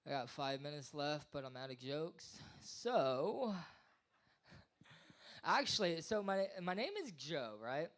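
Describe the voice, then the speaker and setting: A man's voice: on the high side, expressive, slow pace, fairly bright tone. A man in his thirties doing rambling, self-deprecating stand-up at an open mic, acting out voices. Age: 30s. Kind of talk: stand-up comedy. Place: small live venue.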